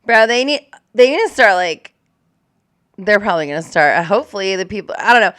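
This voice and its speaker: A woman's voice: mid-range voice, lively intonation, fairly quick, a bit bright, slight background noise. Blunt, profane young woman reacting. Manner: blunt, profane, chatty with many likes. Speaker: corrections officer reacting to news clips. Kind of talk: casual reaction commentary.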